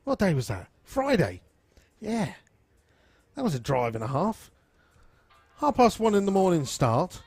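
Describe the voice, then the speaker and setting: A man's voice: sits high, wildly swooping pitch, a little slow, pauses often, slightly rough, no echo, soft background music. Chatty man hosting a live stream. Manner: chatty, rambling, easygoing, reads out shout-outs. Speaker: live-stream host at a drag racing venue. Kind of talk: casual live-stream chat reading viewer comments.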